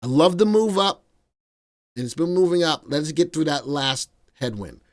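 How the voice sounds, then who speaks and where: A middle-aged man hosting a live stock market stream, chatting energetically and playfully with viewers, even breaking into song. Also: on the high side, moderate pace. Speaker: stock market analyst host.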